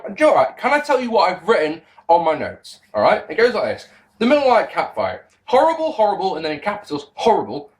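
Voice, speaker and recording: A young man giving a casual spoken review to camera, rambling, excitable and often breaking off mid-sentence. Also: sits high. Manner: rambling, self-interrupting, excitable. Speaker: wrestling video reviewer.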